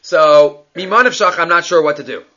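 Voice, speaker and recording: A man's voice: a little high, normal speed, pushed and bright, dull audio. A man teaching a daily Talmud class, working through the text line by line and thinking aloud as he explains.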